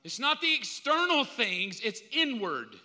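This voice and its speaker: A man preaching a sermon in an animated way, swinging between loud and hushed delivery. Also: very high-pitched, a little slow. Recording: long hall reverb.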